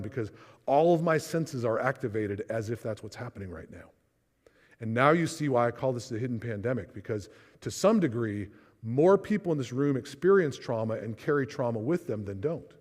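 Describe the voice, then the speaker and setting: A man speaks at a church seminar, his voice at a middle pitch and carried by a long hall reverb. He talks in a chatty way, often slipping into quoted inner voices to make his point. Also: animated, moderate pace, darkish tone. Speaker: speaker on trauma.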